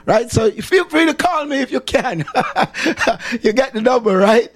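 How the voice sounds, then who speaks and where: A middle-aged Jamaican chaplain talking casually to a livestream audience, repeating himself for emphasis and slipping into patois. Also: male voice, very high-pitched, lively intonation, unhurried. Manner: repetitive, emphatic, slips into patois.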